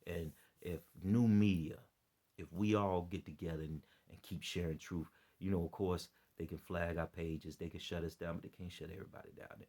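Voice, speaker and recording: A man's voice: deep voice, steady tone, normal speed, a little mellow. A tired man rambling through an earnest, preachy monologue to his followers, often repeating himself. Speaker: vlogger giving religious commentary.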